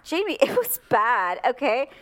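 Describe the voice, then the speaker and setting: A woman's voice: a little high, sing-song, measured pace, fairly bright tone. A middle-aged woman co-hosting a podcast, telling a story in casual chat, laughing often and acting out her own lines. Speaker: podcast co-host.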